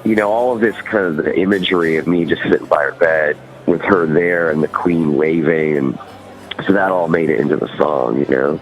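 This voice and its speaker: A musician guest with a Californian accent chats loosely in a casual interview, rambling and packing his speech with fillers. His voice rumbles low at a moderate pace over soft background music, and the recording is rough.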